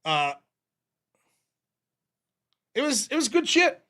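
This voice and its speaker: Bright, profane American man telling stories. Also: extremely high pitch, big pitch swings, takes it slowly. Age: 40s. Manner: profane, rowdy, acts out quoted voices. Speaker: show host. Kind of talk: casual storytelling monologue.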